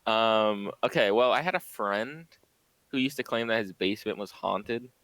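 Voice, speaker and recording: A man's voice: fairly low pitch, normal speed, fairly bright tone, no room sound, poor audio. A young man, a streamer, speaking as a guest on a casual podcast in a laid-back way.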